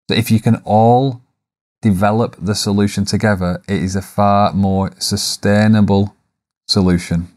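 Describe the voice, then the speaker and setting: Lower-voiced man coaching through a podcast. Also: steady tone, moderate pace, darkish tone. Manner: reflective, coaching tone with rhetorical questions; some fillers and self-deprecating asides. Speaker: podcast host. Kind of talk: solo business podcast monologue.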